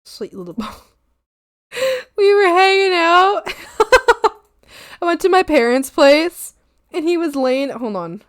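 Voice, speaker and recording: A woman's voice: very high-pitched, very animated, slow, pauses often, dry recording, studio quality. Bubbly young woman streamer gushing. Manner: gushing, giggly, swoops into baby talk. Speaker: art streamer. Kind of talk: casual stream chat. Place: home streaming setup.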